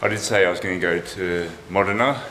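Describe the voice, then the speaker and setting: This deep-voiced man, who vlogs his travels and runs marathons, talks a little fast as he narrates a casual walk outdoors. His tone is relaxed and chatty, as if thinking aloud, and the rough recording from the windy lakeside and hillside town picks up wind and traffic.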